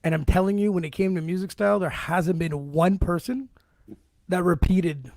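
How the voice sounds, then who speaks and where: A man's voice: high-pitched, moderate pace, darkish tone, dry recording, studio quality. A man hosting a podcast interview, chatting casually and telling stories with easy swearing. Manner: laid-back storyteller, swears freely. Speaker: podcast host.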